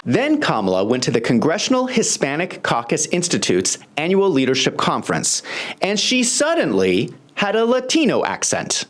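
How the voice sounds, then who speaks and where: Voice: medium pitch, wildly swooping pitch, moderate pace. A host delivering political commentary in a sarcastic, pointed manner.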